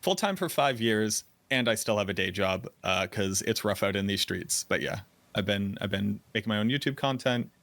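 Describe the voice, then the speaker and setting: A man's voice: fairly low pitch, expressive, moderate pace, a bit bright, no room sound. A man from the North Shore of Boston with a light Boston accent, a guest telling stories in a chatty, self-deprecating way on a casual podcast. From North Shore of Boston, USA. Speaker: guest content creator.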